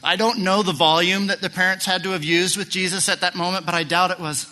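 A middle-aged man preaching a sermon as pastor, animated and full of rhetorical questions. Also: high-pitched, fast talker, few pauses. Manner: animated, asks rhetorical questions, acts out quoted lines.

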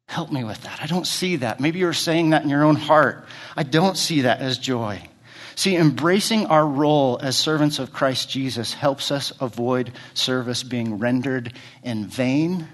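A middle-aged man preaching a sermon as pastor. He asks his congregation many rhetorical questions and speaks in short fragments, often repeating words as he restarts. He moves between quiet, low questions and louder, higher stretches.

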